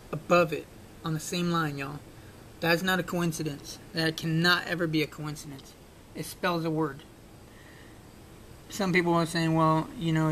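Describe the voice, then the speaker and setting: Musing man with a flat delivery. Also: poor audio. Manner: musing, thinking aloud with fillers and restarts. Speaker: puzzle-solving video creator. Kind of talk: casual on-screen analysis. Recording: faint rumbling background noise.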